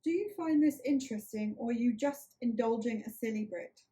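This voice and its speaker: A woman's voice: on the high side, brisk, mellow, close to an everyday voice. A woman reading the lines of a playful, prim British man who teases. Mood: teasing.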